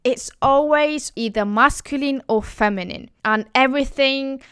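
A woman's voice: high-pitched, a little slow, a bit bright, clean tone, no echo, studio quality. A woman from Italy, a native Italian speaker, explaining her language in English with an Italian accent. She talks in a chatty, giggly way and often restarts her sentences. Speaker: language vlogger. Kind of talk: casual explainer.

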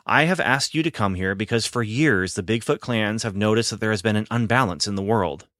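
A man voicing a solemn male Sasquatch elder in a story reading, speaking in slow, deliberate warnings. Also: lowish voice, fairly bright tone, dry recording, studio quality, natural voice. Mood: grave.

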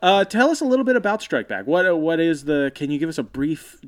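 Lively, animated male podcast host. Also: fairly high pitch, quick pace. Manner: laughs often, lively interjections. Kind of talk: casual chat.

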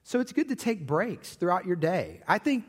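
A man in his thirties preaching a sermon as pastor, with animated storytelling and jokey asides. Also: high voice, normal speed, breathy edge, long reverb tail.

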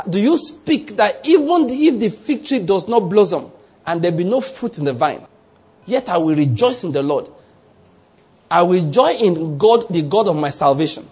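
A man's voice: high-pitched, darkish tone, husky. A man preaching a sermon, posing rhetorical questions to his congregation. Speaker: pastor.

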